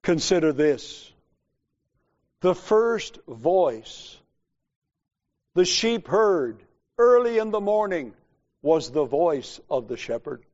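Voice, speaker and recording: A man preaching a sermon in a slow, measured, emphatic way, pausing deliberately between phrases. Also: on the high side, very animated, darkish tone, lo-fi sound.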